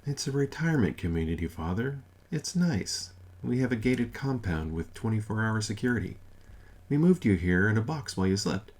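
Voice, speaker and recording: A man's voice: fairly low pitch, sing-song, normal speed, a little mellow, voice pushed up. A man doing a sweet, patronizing old wife. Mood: placid. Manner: soothing, placating, mildly condescending.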